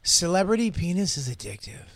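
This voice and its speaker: Animated comedy podcast host, higher voice. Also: male voice, brisk, dry recording, clean studio sound. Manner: animated storyteller. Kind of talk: crude comedy banter.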